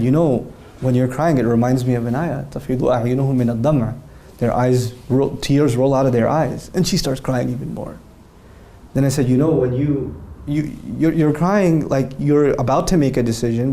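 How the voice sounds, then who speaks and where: A man's voice: medium pitch, mellow. A man answering interview questions, speaking earnestly and animatedly and telling stories with quoted dialogue.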